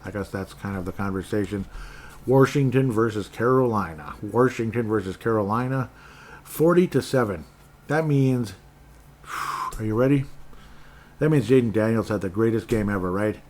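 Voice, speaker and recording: Rambling man with a low voice. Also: animated, normal speed, darkish tone. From Minnesota. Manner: rambling, sarcastic, frequent restarts. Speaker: sports podcast host. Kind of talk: casual sports chat.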